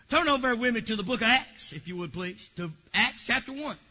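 A man preaching a fervent Pentecostal sermon, swinging from quiet asides to shouted praise. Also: extremely high pitch, animated, unhurried, lo-fi sound.

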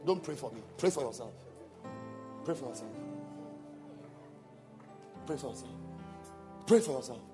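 Emphatic preacher, lively high voice. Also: male voice, long reverb tail. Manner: emphatic, repetitive, calls for responses. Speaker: pastor. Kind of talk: sermon.

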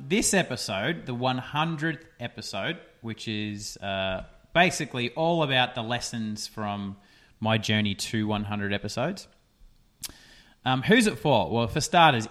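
Chatty and full of fillers, this young male podcast host rambles through a relaxed solo show in a mid-range, slightly bright voice.

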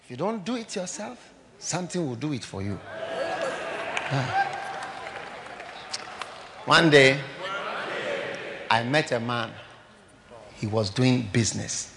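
A pastor, preaching a sermon and telling stories, swinging between loud declarations and hushed asides. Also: male voice, medium pitch, big pitch swings, takes it slowly, vocal fry, pauses often, a loud crowd, very noisy.

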